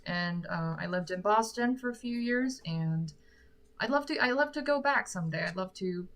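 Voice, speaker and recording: A woman's voice: medium pitch, lively intonation, moderate pace, fairly bright tone. A woman with an American accent hosting a casual livestream Q&A from her room at home, chatty and self-deprecating, speaking into a sock-covered microphone. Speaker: singer and livestream host.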